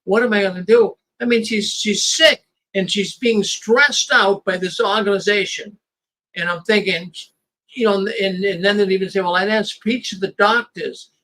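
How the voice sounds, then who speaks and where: A man's voice: sits high, moderate pace, pushed and bright, slight background noise, low-quality recording. A man, the host, talking in a casual conversation, emphatic and often repeating his first words.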